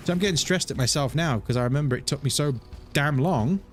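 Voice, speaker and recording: A man streaming a game, chatting in a rambling, self-mocking way and jumping into a higher voice to quote himself. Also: fast, a little hiss or hum. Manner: animated, jumps into higher voice quoting himself. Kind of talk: casual gameplay stream chat.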